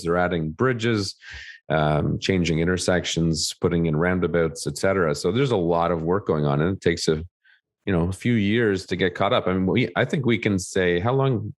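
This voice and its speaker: A man co-hosting a podcast with a very deep, low voice, speaking into a studio mic. He stays calm and easygoing and often nods along with his partner. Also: moderate pace. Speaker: real estate agent and podcast co-host. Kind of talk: casual podcast chat. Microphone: studio podcast microphone.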